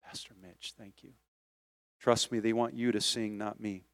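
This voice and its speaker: A man preaching a sermon as pastor, moving from quiet storytelling to loud, rising exhortation. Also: fairly low pitch, little pitch movement, normal speed, dry recording, clean studio sound. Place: church sanctuary.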